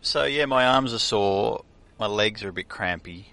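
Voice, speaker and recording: A man's voice: on the low side, moderate pace, gravelly, bright, forceful tone. A young man, the host's husband, chatting casually with a dry sense of humour in a car. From Australia. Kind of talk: casual chat.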